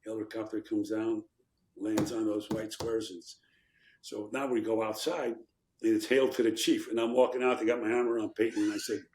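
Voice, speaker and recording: Older man telling lively stories. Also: on the low side, moderate pace, reverberant, a little hiss or hum. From Chicago, USA. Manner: animated anecdotes, acting out quotes. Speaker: guest, former congressman. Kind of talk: storytelling in a podcast interview.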